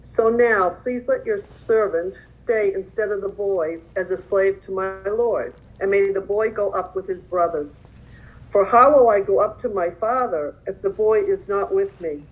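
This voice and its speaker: A woman in an online class reading a scripture passage aloud in a steady, measured way. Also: medium pitch. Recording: dull lo-fi video call audio.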